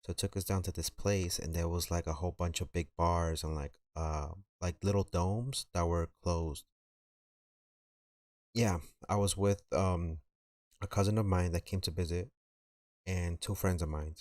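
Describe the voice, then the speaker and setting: Deep-voiced New man telling a story. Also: steady tone, normal speed, darkish tone, no room sound, clean studio sound. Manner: rambling, filler-heavy, slangy. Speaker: streamer. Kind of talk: casual storytelling on a live stream.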